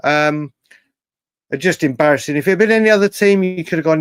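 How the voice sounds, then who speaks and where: A man with a fairly high, smooth voice talks briskly, with no echo, as host of a live fan stream. Animated as he works through viewer comments, he repeats himself a great deal and lets the odd swear word out.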